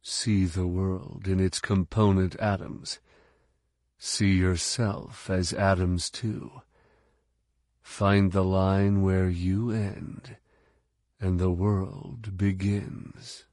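A man voicing a calm male mentor who speaks softly, evenly and soothingly. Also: low-pitched, takes it slowly, no echo, studio quality. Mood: serene. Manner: soft, even, soothing.

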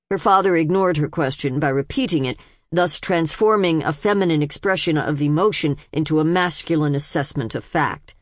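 Woman reading a novel aloud, lowish voice, steady pace, super dry room. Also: moderate pace, dry recording. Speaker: audiobook narrator. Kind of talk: scripted narration.

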